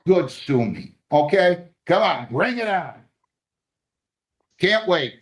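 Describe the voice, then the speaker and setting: A man's voice: high voice, sing-song, slow. A man presiding as a judge at a bond hearing, stern and scolding.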